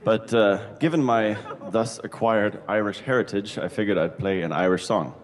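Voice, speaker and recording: A man's voice: on the low side, moderate pace, big-room sound. A man introducing a song he is about to play, chatty and self-mocking, in a casual stage introduction.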